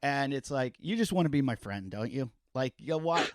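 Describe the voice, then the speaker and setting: A man hosting a podcast, telling stories in a loud, joking, profane way during a casual interview. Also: mid-range voice, fairly quick, dry recording, clean studio sound. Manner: animated, profane, jokey storytelling. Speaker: podcast host.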